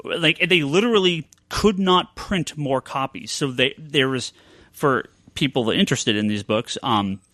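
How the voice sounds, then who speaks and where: A man hosting a casual podcast chat, talking shop as a comic book retailer and rambling with lots of filler pauses. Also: medium pitch, sharp tone, no echo.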